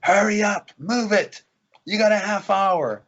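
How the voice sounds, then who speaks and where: A woman's voice: mid-range voice, unhurried, muffled recording, pitched above the performer's own voice, natural voice. A man voicing a bossy woman who herds film extras and barks orders at them. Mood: impatient. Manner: impatient barking orders.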